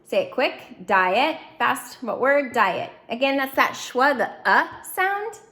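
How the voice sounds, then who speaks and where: A woman leads a phonics lesson, breaking words into syllables and coaxing students to say them fast. Her voice sits a little high, and she speaks in slow, clear, encouraging prompts. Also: very animated, bright, forceful tone. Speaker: reading teacher.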